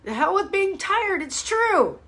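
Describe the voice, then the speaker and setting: A woman's voice: very high-pitched, big pitch swings, a little slow, fairly bright tone. A woman fitness coach hosting a casual live-stream show, talking bluntly and with fired-up energy, teasing her viewers and swearing freely. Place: home, speaking to a live audience online.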